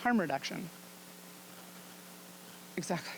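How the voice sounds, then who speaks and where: A woman's voice: on the low side, expressive, slow pace, gravelly, slight background noise, poor audio. A woman physician giving an informal talk to an audience. She speaks frankly and chattily and laughs often as she explains things. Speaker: physician presenting at a luncheon.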